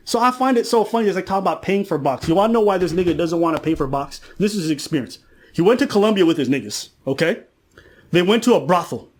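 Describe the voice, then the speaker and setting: On a casual podcast rant, a male commentator speaks fast in a high, animated voice. His style is mocking and anecdotal, and he performs other people's words as quotes.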